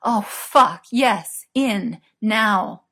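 Woman reading as an excitable young man. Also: medium pitch, normal speed, natural voice. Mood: excited. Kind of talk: audiobook character reading.

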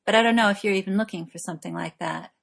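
A woman reading the part of a gentle, anxious young male artist who speaks softly and pleads. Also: medium pitch, rapid-fire, creaky. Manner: soft, pleading.

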